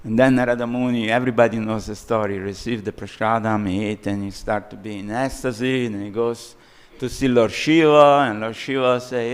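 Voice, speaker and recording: A man's voice: medium pitch, steady tone, moderate pace, smooth. A man giving a scripture lecture in a temple hall, telling stories animatedly in English with non-native grammar. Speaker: preacher.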